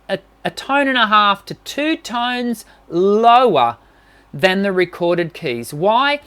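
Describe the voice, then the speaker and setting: A woman's voice: mid-range voice, fairly bright tone. A woman vocal coach giving an encouraging, conversational live-streamed singing lesson and answering questions, with frequent restarts.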